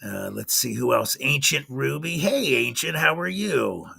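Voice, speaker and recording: A man's voice: medium pitch, expressive, a little slow, gravelly, bright, forceful tone, breathy edge. A man hosting a livestream in a casual chatty way, greeting viewers by name one after another. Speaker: livestream host.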